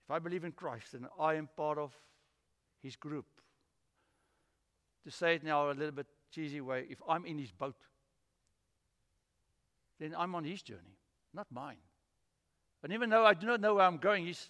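Animated pastor preaching in a hall. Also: male voice, on the high side, normal speed, long pauses. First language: Afrikaans. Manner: animated storytelling with acted-out voices. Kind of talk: sermon. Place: church.

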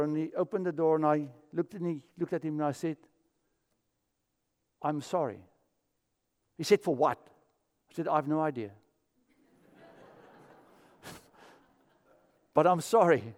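A South African pastor with a voice on the high side preaches a sermon built around stories, acting out the voices he quotes. The recording has a big-room sound.

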